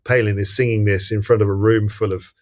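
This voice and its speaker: An English man hosts a film podcast and walks through scenes like a storyteller, relaxed and amused. His voice is on the lower side and unhurried. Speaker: podcast host. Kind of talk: casual film discussion.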